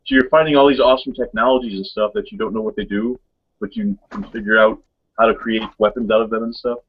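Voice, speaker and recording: A man's voice: lowish voice, animated, fast talker, husky. A man co-hosting a casual webcast chat, rambling through stories with many fillers and frequent laughs. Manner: rambling storyteller, laughs often. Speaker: co-host. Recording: dull lo-fi webcast audio.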